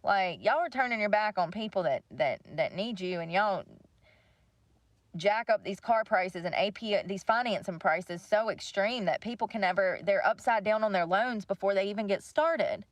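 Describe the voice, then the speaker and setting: A woman's voice: mid-range voice, normal speed, no echo. Woman, casual rant, cursing, dead dry room. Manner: blunt, swears freely, venting about money. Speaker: livestream host.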